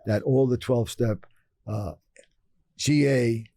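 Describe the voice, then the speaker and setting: A man's voice: medium pitch, fairly even intonation, slow pace, mellow, no echo, studio quality. An older man from Brooklyn, telling stories emphatically as a podcast guest and repeating phrases for effect. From Brooklyn, New York. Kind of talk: storytelling interview talk.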